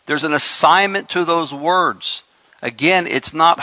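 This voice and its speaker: A man's voice: a little high, a little slow, bright, forceful tone, dry recording, dull audio. A man preaching a sermon as pastor, emphatic, with joking asides to his congregation.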